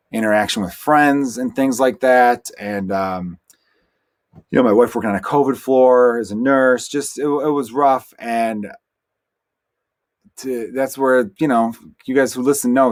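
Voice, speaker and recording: A male stand-up comedian from Chicago hosting a solo podcast, telling crowd stories in animated, rambling fashion with quoted dialogue. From Chicago, USA. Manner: animated storytelling with quoted dialogue, jumps up in pitch when worked up.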